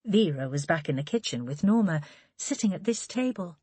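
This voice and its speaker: Woman narrator, audiobook crime reading, lively pitch, dry close sound. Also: moderate pace, husky, no echo. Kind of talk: scripted narration.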